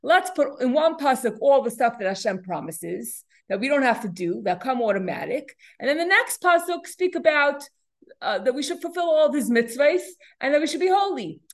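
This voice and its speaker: A woman's voice: high-pitched, sing-song, normal speed. Woman teaching a Torah lesson. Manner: explanatory, asks and answers her own questions; frequent restarts and repeated words.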